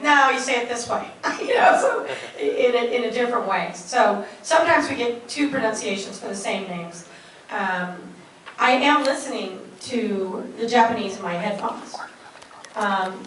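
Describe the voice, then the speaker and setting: A woman's voice: a little high, a little hiss or hum. A woman voice actor on a convention panel who rambles in a chatty way and giggles often. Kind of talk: casual panel talk. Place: convention hall. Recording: echoey convention hall from far off.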